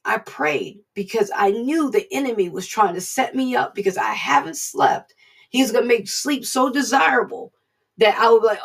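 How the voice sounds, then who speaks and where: A woman's voice: on the high side, lively intonation, normal speed, creaky, husky, far from the mic, poor audio. A woman giving an informal online devotional sermon, earnest and conversational, repeating her points as she preaches. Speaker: devotional speaker.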